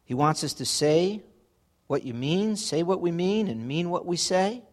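A man's voice: sits high, animated, measured pace. A man preaching a sermon in a conversational way, acting out everyday examples. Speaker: pastor.

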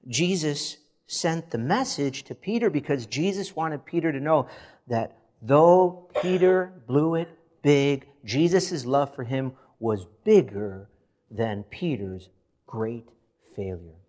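Expressive male pastor preaching a sermon. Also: on the high side, takes it slowly. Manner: expressive preaching, reads scripture aloud with rising emphasis.

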